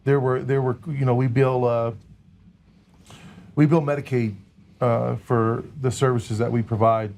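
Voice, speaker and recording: A man's voice: mid-range voice, flat delivery, unhurried, creaky, long pauses, darkish tone, a little hiss or hum. A man speaking as a podcast guest, talking earnestly with frequent hesitations. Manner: earnest, hesitant with many fillers. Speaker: guest, recovery organization leader. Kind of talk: casual chat.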